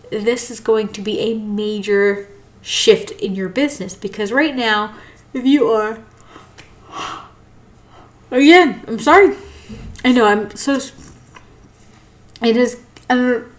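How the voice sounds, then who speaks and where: A woman hosting a casual live talk, tired and yawning, apologetic and rambling. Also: medium pitch. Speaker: host.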